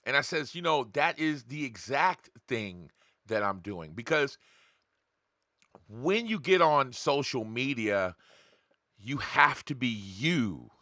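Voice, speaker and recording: A man's voice: mid-range voice, sing-song, slow pace, sharp tone, dry recording, studio quality. A man hosting his own podcast in a casual, blunt, profane monologue, talking straight to his viewers with rhetorical questions. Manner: acts out voices of others in quotes. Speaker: podcast host.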